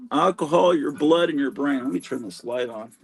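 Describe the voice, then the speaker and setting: A man's voice: medium pitch, normal speed, creaky, darkish tone, poor audio. A man hosting a live stream from home, chatting in a rambling, self-deprecating way among his comic books. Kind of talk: casual live-stream chat. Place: home room stacked with comics.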